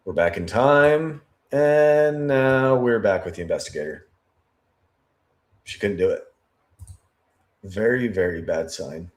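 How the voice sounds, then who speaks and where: A man's voice: mid-range voice, slow pace, long pauses. A man giving analytical commentary on interview footage, thinking aloud, correcting himself and repeating key words.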